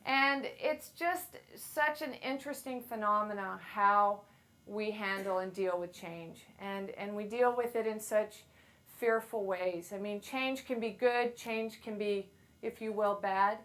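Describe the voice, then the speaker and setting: A woman's voice: medium pitch, fairly even intonation, measured pace. A middle-aged woman giving a playful, self-deprecating motivational talk to a live audience on a handheld mic. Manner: playful, self-deprecating storyteller who acts out quotes loudly. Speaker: speaker at a women's event.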